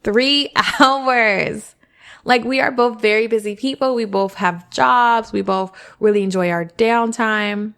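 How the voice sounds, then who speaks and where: A woman's voice: a little high, fairly even intonation, takes it slowly, vocal fry, fairly bright tone, clear, resonant tone. A woman hosting a podcast, giving frank, chatty advice and often checking in with the listener. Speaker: podcast host. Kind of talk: casual advice monologue.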